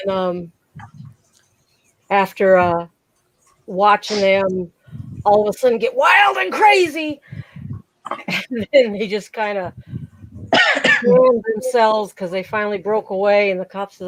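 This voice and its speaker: Middle-aged woman, livestream host, loose bawdy storyteller, mid-pitched, dry close sound. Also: a little slow, pauses often, dry recording, poor audio. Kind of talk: casual joke-telling chat.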